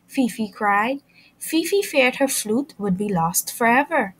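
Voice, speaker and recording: A woman reads a picture book aloud to young children, taking her time over each phrase. Her high voice swoops up and down in a lively, sing-song way. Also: husky. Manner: slow, expressive, sing-song storytelling. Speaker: children's story reader and channel host.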